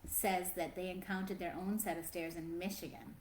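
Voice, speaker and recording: A woman's voice: lowish voice, flat delivery, moderate pace, hardly any pauses, a little mellow. A woman co-hosting a podcast, chatting and reading posts aloud in a plain way. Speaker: podcast co-host. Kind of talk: casual chat and reading aloud. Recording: echoey room, faint background noise.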